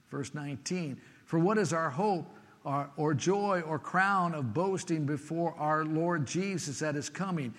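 Male preacher, slightly raised pitch, earnest scripture reading, big reverberant room. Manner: earnest, emphatic reading with occasional fillers. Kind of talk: sermon, reading scripture aloud with commentary.

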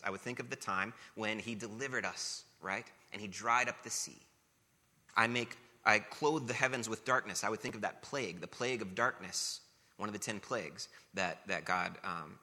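A man's voice: fairly low pitch, bright, forceful tone. A man preaching a sermon as pastor, earnest and emphatic, building points through rhetorical questions and repetition. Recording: long reverb of a large hall.

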